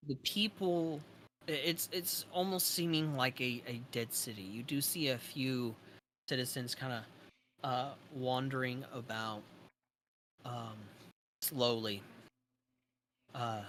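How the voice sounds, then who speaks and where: A man running a tabletop game as game master, painting each scene at an unhurried pace with plenty of "uh" and "um" along the way. His voice is bright and forward, and faint background noise sits under the recording. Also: medium pitch. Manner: slow descriptive narration with fillers.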